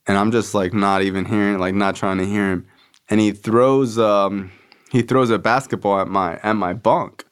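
A man with a fairly low voice tells his own life story as a podcast host. He talks loosely and candidly, with lots of "like" fillers and swearing. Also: fairly even intonation, moderate pace, clean tone. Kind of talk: casual personal storytelling.

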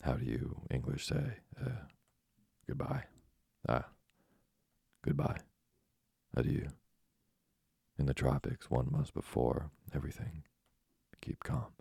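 A man's voice: very deep voice, big pitch swings, slow, creaky, long pauses, warm tone, slightly rough, dry recording, clean studio sound, exaggerated voice. A man reading an audiobook, voicing an eccentric old doctor who speaks in a mumbling, matter-of-fact, imperturbable way. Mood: dry, probing. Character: eccentric old male French doctor, calm, probing.

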